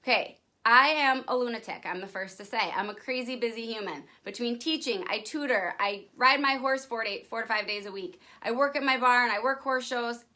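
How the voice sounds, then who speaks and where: A young woman speaks straight into her phone camera with breathless enthusiasm, her voice sitting a little high and sounding bright and tense. She gushes to her viewers, leaning on "you guys" and "like" as she pitches her business. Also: normal speed, hardly any pauses. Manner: gushing, excitable, says "you guys" and "like" a lot. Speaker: direct sales promoter. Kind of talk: upbeat direct-to-camera vlog pitch.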